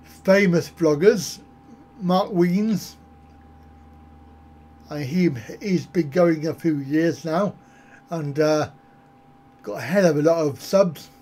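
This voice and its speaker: A man's voice: on the high side, slow pace, pauses often, a little mellow. A man on a casual live stream, answering viewer comments in a rambling, self-mocking way. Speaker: travel vlogger answering live chat.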